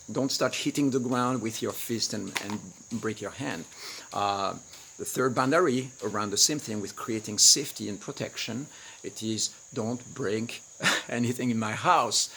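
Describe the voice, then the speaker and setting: A man's voice: mid-range voice, unhurried, a bit bright. A man hosting a teaching webinar, who acts out quoted lines with sudden jumps in volume. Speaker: webinar host and relationship coach. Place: home studio in rice fields, outdoors nearby.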